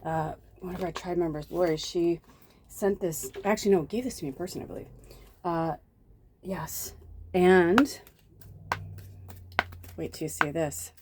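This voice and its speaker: A woman's voice: fairly low pitch, a little slow, pauses often, a little hiss or hum. Chatty woman reading tarot cards. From south suburbs of Chicago. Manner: chatty, easily distracted, breaks into whispers. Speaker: tarot reader and medium. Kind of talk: casual spiritual card reading.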